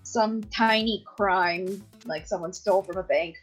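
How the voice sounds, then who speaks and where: A woman's voice: mid-range voice, slow pace, breathy edge, soft background music, poor audio. A woman playing a tabletop game on a stream, hesitant and giggly. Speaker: player. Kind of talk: casual chat at a game table.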